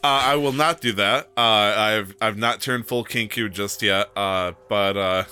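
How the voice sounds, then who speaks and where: A man's voice: lowish voice, measured pace, sharp tone, smooth. A man playing a tabletop game, joking around playfully and laughing often. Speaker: player. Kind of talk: casual tabletop role-play.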